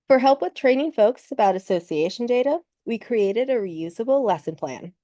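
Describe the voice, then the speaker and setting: A woman giving a webinar talk, steady and explanatory, pausing now and then to clear a slight cough. The sound is dry and close, with no room around her. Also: fairly high pitch, dry recording. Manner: measured explanatory delivery, clearing throat between points. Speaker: webinar presenter. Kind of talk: presenting slides in a webinar.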